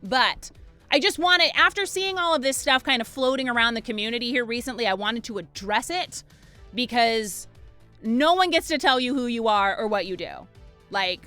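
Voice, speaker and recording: A woman's voice: fairly high pitch, lively intonation, moderate pace, pushed and bright, no echo, soft background music. A woman in her twenties, a streamer delivering a fired-up, emphatic rant to her chat, with some swearing. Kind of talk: livestream rant.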